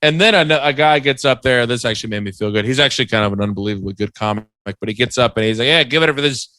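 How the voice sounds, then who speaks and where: A man's voice: medium pitch, very fast, bright, forceful tone, clean tone, no echo. A man co-hosting a podcast, riffing and teasing playfully in casual banter. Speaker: podcast co-host.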